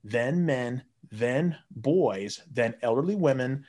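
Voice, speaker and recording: A man's voice: mid-range voice, lively intonation, slow pace, dark tone. A man casually telling a long, profane story, jumping into raised voices when he quotes his friends. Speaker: guest storyteller.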